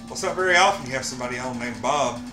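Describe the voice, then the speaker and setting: A man's voice: mid-range voice, very fast. A man hosting a gaming stream, chatting in an easygoing, drawling way with fillers. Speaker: stream host. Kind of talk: casual gaming chat. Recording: echoey room with game music.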